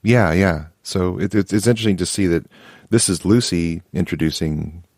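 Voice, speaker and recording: A man's voice: sits low, normal speed, a little mellow, no echo, studio quality. A man co-hosting a podcast, chatting casually and enthusiastically, often restarting his sentences. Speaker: podcast co-host. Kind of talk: casual chat.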